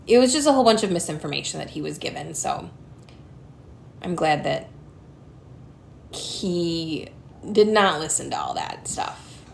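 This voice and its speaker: A woman's voice: animated, a little slow, vocal fry, long pauses, slight background noise. A tired woman on a home live stream, chatting casually and cooing at her cats in baby talk. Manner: high baby-talk to cats, soft hushing to kittens. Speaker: cat rescuer streaming live. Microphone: phone.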